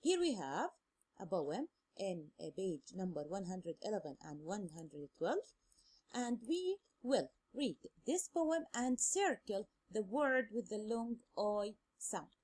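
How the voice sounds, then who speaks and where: A woman teaches English sounds at a deliberate pace, repeating each word several times. Her voice is husky and mellow, with a lively rise and fall in pitch. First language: Arabic. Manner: slow, drilling words by repetition. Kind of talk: phonics lesson, bilingual explanation.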